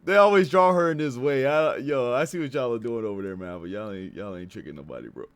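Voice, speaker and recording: A man hosting an anime reaction video, talking casually and excitably with frequent swearing and laughter. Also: medium pitch, fast talker, no echo. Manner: excitable, profane, laughs often.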